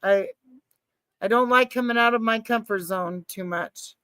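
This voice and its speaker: A woman's voice: a little high, a little slow, fairly bright tone, smooth, dry recording. Nervous, rambling woman streamer. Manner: rambling, swears, reacts to chat, self-described nervous. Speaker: live streamer. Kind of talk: casual live-stream chat.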